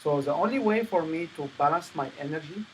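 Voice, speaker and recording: A man's voice: a little high, brisk, a bit bright, slight background noise, poor audio. A man coaching a sales presentation workshop, firm and emphatic as he lectures.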